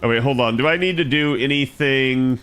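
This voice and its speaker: A man's voice: mid-range voice, normal speed, a bit bright, clear, resonant tone. A man streaming himself playing an online game, chatting loosely with his viewers. He rambles, corrects himself and swears casually. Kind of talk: casual live-stream gaming chat.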